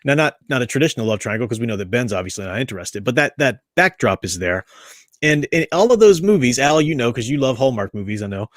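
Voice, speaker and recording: A man's voice: mid-range voice, animated, fast, dry recording, studio quality. A man hosting a casual book discussion, talking in a rambling, chatty way with frequent restarts. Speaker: book study host.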